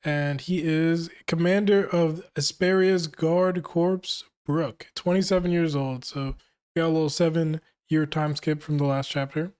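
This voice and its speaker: Man reacting to a manga, slightly high voice. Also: fairly even intonation, unhurried, a little mellow, smooth. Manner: reads dialogue aloud, breaks off to joke and laugh. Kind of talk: casual manga reading and reaction.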